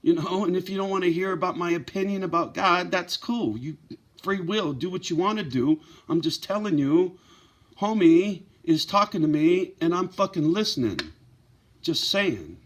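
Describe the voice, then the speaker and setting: A man's voice: high-pitched, animated, normal speed. A man running a pit bull rescue channel, talking bluntly and emotionally to his viewers in a profane, heartfelt vlog. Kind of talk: candid direct-to-camera vlog.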